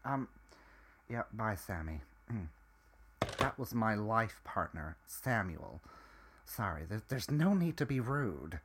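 A man's voice: on the low side, big pitch swings, takes it slowly, a bit bright, a little hiss or hum, heavily acted. A man voicing a young hotel worker with a dry, sarcastic manner.

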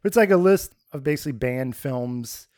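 A man's voice: mid-range voice, expressive, normal speed, a little mellow, no echo, clean studio sound. A young adult man co-hosting a podcast, chatting casually and rambling with lots of "like". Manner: rambling, heavy use of "like". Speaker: podcast co-host. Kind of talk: casual chat.

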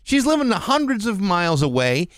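A man's voice: sits high, big pitch swings, normal speed, clean tone, no echo. A man co-hosting a morning radio show, giving his opinion in casual studio chat and tripping over his words when he gets going.

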